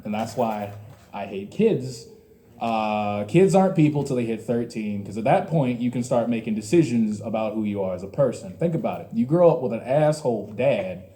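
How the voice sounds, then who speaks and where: With a mellow, mid-range voice, a twenty-something man does open mic stand-up at a small comedy club. His material is crude and ranting, with plenty of jokes at his own expense.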